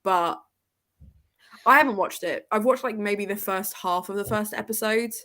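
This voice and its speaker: A woman chats easily while hosting a reading livestream. She reads out viewer comments as she goes and breaks into laughter a lot. Her pitch sits in a middle range. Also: moderate pace, a bit bright. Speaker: livestream host. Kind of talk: casual chat.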